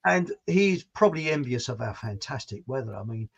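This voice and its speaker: A man's voice: medium pitch, lively intonation, a little fast, creaky, dull audio, a crowd in the background. A man hosting a casual livestream chat show, reading out viewer comments and joking with many false starts. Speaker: host of a livestream talk show.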